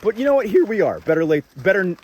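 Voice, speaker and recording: A man's voice: high-pitched, very animated, rapid-fire, slight background noise. A young man hiking a mountain trail, a bit out of breath, rambling through an opinionated rant with plenty of fillers into a handheld camera outdoors. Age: young adult. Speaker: vlogger hiking. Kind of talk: casual ranting monologue.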